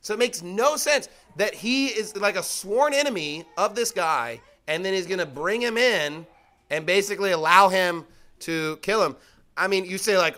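A man's voice: sits high, lively intonation, moderate pace, sharp tone. A man teaching the Bible in a casual, conversational way, full of rhetorical questions and emphatic repetition. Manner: emphatic, repeats his points.

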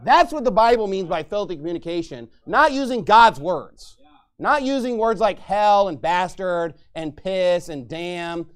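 A man preaching a fiery sermon as pastor, angry and mocking, shouting at times. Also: sits high, expressive, unhurried, clear, resonant tone.

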